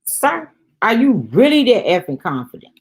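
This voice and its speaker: A woman's voice: on the high side, sing-song, moderate pace, darkish tone, breathy edge, pitched above the performer's own voice, full character voice. A woman voicing an angry grown son who challenges his father with pointed questions. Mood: defiant.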